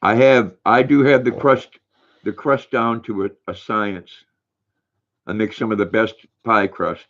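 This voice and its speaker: An older man hosting a casual livestream, reading viewers' comments aloud in a relaxed, folksy way. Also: lowish voice, a little slow. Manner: relaxed, folksy, reads viewer names and messages. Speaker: livestream host. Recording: dull lo-fi stream audio.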